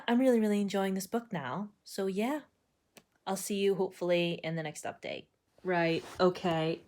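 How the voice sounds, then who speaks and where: A young woman chatting casually in a reading vlog, excitable and full of fillers and laughs. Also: fairly low pitch. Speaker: book vlogger.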